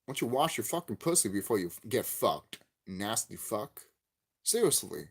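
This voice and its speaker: Man, profane angry vlog rant, repetitive, wide pitch swings. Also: normal speed, slightly rough. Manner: lively swinging pitch, gets loud and high when worked up. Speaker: YouTube game commentator. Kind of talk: ranting vlog commentary.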